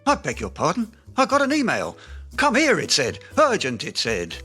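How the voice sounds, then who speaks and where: An actor playing a pompous, self-deluded aspiring writer who blusters grandly in a comedy audio drama. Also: male voice, fairly high pitch, wildly swooping pitch, normal speed, sharp tone, husky, faint music behind, heavily acted. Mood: indignant. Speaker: comic lead.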